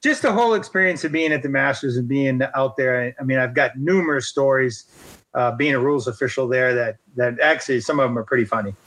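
A man's voice: medium pitch, quick pace, a bit bright, poor audio. A middle-aged man, a golf rules official, telling a self-deprecating story in an interview with many fillers.

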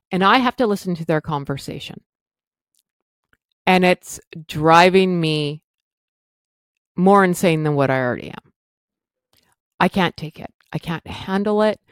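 A woman's voice: lowish voice, smooth, no echo. A middle-aged woman from Canada hosting a podcast, telling a personal story in a candid, self-deprecating, exasperated way. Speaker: podcast host.

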